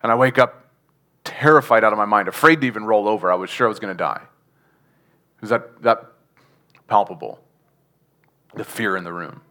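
A man's voice: on the low side, normal speed, long pauses, sharp tone. A man giving a sermon testimony, telling his story earnestly with chuckles and asking the congregation questions. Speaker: preacher.

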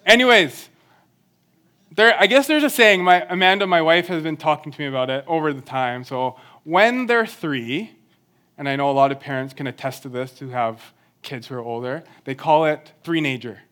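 Earnest high-voiced young man preaching. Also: animated, normal speed, sharp tone. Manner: earnest, conversational, self-deprecating humor. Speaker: church speaker. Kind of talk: sermon.

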